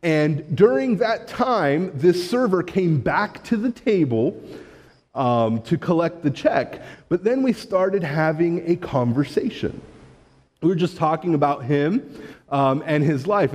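A man's voice: a little high, darkish tone. A man who grew up in Massachusetts, a pastor preaching a sermon in a conversational storytelling manner. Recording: long hall reverb.

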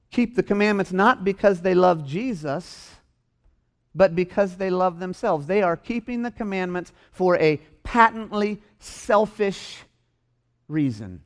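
A man preaching a sermon in a church, stressing and repeating his key phrases. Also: sits high. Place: church hall.

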